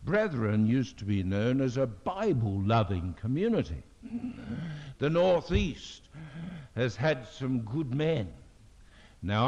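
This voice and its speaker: An older preacher delivers a sermon at a very unhurried pace, drawing each phrase out with weight. His pitch rises and falls in lively sweeps as he leans on key words. The old recording sounds dull and muffled. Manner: slow, deliberate, emphatic, with solemn scripture reading. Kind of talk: sermon at a fellowship meeting.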